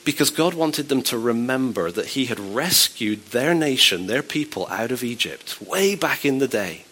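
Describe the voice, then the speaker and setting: A man delivers a sermon in a relaxed, conversational tone, slipping in dry, playful asides. His voice sits at an ordinary middle pitch for a man. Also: normal speed. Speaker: preacher.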